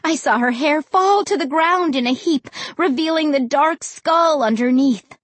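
A woman's voice: measured pace, no room sound. A woman narrating a spooky children's novel aloud, acting out the characters' lines with dramatic energy. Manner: dramatic, voices characters with big pitch jumps. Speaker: audiobook narrator. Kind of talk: expressive audiobook narration.

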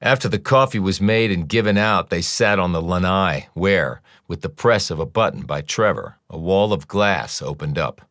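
A man narrating an audiobook with a very low voice, reading in a measured, even way. The recording is dry and close, with no room sound. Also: no echo. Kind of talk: scripted narration.

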